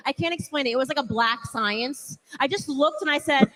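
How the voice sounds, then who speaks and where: High-voiced woman telling an emphatic story. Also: normal speed, fairly bright tone, low-quality recording. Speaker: panelist. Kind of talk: animated political panel talk.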